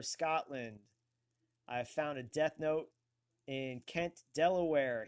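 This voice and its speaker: A man hosting a casual online talk show, slowly thinking aloud as he looks things up on a computer. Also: a little high. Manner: slow, thinking aloud while searching. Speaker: host.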